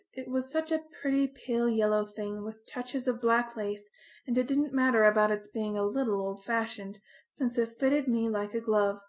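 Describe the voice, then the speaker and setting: A woman narrating a first-person story in an earnest, expressive diary-style reading. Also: on the high side. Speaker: audiobook narrator.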